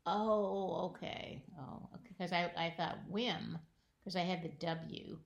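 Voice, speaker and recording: A woman speaks quietly in a low, gravelly voice, chatting about a crossword. She often just murmurs agreement. The sound is dull and lo-fi. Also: steady tone, measured pace. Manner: quiet, soft-spoken, frequent murmured uh-huhs. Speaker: crossword podcast co-host. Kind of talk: casual chat.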